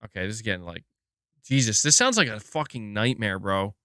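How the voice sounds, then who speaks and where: A man's voice: fairly low pitch, lively intonation, fairly quick, sharp tone, clear, resonant tone, no echo, clean studio sound. A man hosting a live gaming stream, talking casually and thinking aloud, with lots of restarts and the odd swear.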